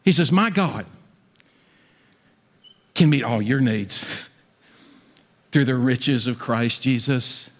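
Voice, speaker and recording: A middle-aged man preaching a sermon as pastor, swinging from loud, high appeals down to hushed asides. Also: animated, slow, long pauses, long reverb tail.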